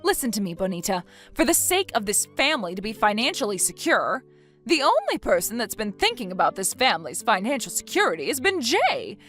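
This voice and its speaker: A woman's voice: on the high side, sing-song, brisk, a bit bright, soft background music. A woman voicing a scolding, bossy mother-in-law. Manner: scolding, belittling. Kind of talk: text-story dramatization.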